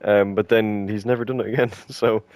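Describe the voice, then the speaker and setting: A man's voice: fairly low pitch, steady tone, moderate pace, dry recording, highs cut off. A man in casual podcast chat who laughs a lot and rambles with enthusiasm. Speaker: co-host.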